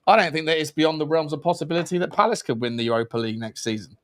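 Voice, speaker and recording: A man's voice: on the high side, racing. Chatty man co-hosting football talk. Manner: chatty, laddish, lots of "mate". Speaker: co-host of football podcast. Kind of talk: casual football chat.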